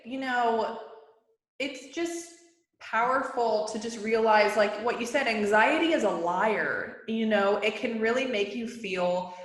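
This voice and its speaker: A woman's voice: a little high, a bit bright. Chatty woman in an echoey room. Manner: chatty, full of "like" and "you know". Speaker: podcast guest. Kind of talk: casual interview talk.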